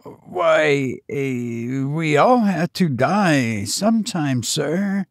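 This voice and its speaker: A timid, anxious old butler speaks in a quavering, raised voice that swings widely in pitch, as the storyteller puts him on. He pleads and frets in a storybook reading, recorded close and dry. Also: huge pitch swings, slow, no room sound, full character voice. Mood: pleading. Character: elderly devoted male servant, timid and anxious.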